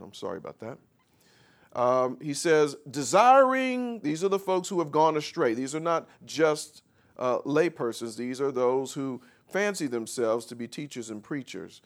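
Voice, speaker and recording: A man preaching a sermon, reading scripture slowly and explaining it, calling out questions for the congregation to answer. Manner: call-and-response with the congregation; reads scripture slowly then explains, rising louder and higher.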